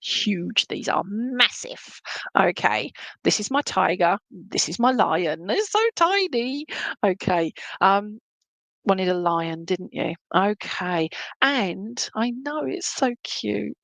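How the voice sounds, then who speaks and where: A woman's voice: medium pitch, very animated, slow, gravelly, fairly bright tone, no room sound. A woman giving live psychic readings in a chatty, hesitant way, with lots of ums, calling viewers "my lovely". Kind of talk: casual live-stream reading.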